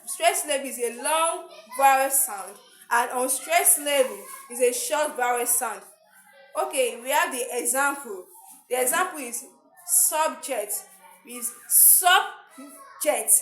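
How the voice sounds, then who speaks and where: A woman teacher giving a lesson, halting and repeating herself as she searches for words. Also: high voice, a bit bright, soft background music. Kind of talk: classroom lesson. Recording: echoey room with faint noise.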